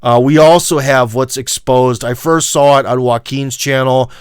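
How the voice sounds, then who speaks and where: A man's voice: medium pitch, fairly even intonation, moderate pace, clean tone, dry recording, studio quality. A man with a Midwestern American accent, hosting a casual livestream and rambling to his viewers with many fillers and emphatic asides. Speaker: livestream host.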